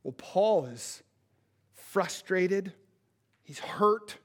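A high-pitched man delivers a sermon with real urgency. He pleads with his listeners, sinking to a near hush before building back up to loud, emphatic peaks. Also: animated, very slow. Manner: impassioned, pleading, swings from hushed to loud. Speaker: pastor.

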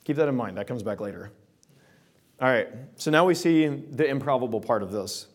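A man preaching a sermon, retelling scripture passages in casual modern words and reading the old verses slowly. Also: mid-range voice, lively intonation. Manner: reads King James verses slowly and solemnly. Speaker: pastor.

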